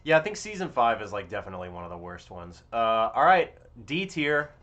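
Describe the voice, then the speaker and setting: A young man streaming live, giving casual, blunt and profane commentary that swings between loud outbursts and low mutters. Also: very animated, brisk, muffled recording.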